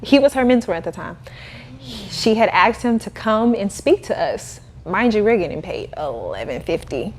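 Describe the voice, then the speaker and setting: A young woman talks as a guest on an interview podcast, telling her story with energy. She laughs often and acts out the voices of the people in her story. Her voice sits at an ordinary middle pitch. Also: moderate pace. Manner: animated, laughing, acts out quoted dialogue. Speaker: guest, cleaning business owner.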